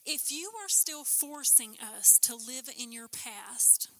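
A woman preaching a sermon with passion, building to emphatic peaks and then dropping low. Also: takes it slowly, pushed and bright. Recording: long hall reverb.

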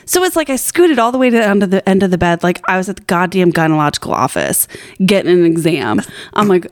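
In a sing-song voice on the low side, this podcast co-host rattles quickly through a long, rambling story, full of profanity and self-mockery in casual chat. The studio-quality recording has no echo.

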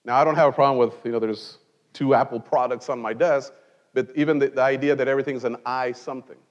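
A man's voice: mid-range voice, fairly even intonation, fast, in a large hall, dull audio. A man who grew up in Mexico, preaching a conversational sermon from a pulpit in church and mixing in wry jokes. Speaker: pastor.

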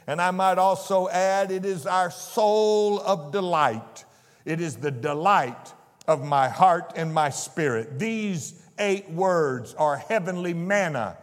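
A man preaching a sermon with slow, emphatic delivery that builds in intensity. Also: fairly high pitch, long reverb tail.

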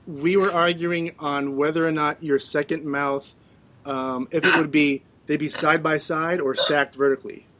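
A man's voice: fairly high pitch, fairly even intonation, normal speed, pushed and bright. A middle-aged man hosting a casual chat, playfully reading out questions and laughing often. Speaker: podcast co-host.

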